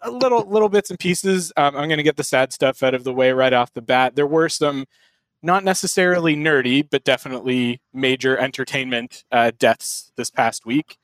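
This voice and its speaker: A young adult man hosting a casual podcast from a hotel room, relaxed and rambling, with plenty of fillers. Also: mid-range voice, normal speed, dry recording. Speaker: podcast host.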